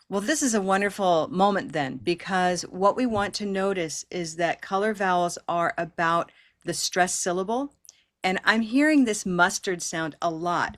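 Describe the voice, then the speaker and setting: A woman leading an online pronunciation class over a video call, encouraging and repeating words slowly for learners to copy. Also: on the low side, fairly bright tone. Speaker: pronunciation teacher.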